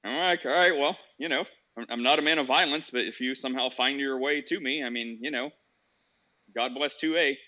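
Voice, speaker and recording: Chatty male podcast host, bright muffled voice. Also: mid-range voice, fairly quick. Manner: calm, chatty storytelling with many fillers. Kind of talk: casual call-in chat.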